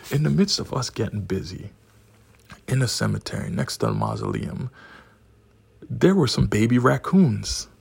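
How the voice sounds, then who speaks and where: A man in his forties telling a profane, rowdy personal story and laughing at his own punchlines. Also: mid-range voice. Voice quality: gravelly, husky voice.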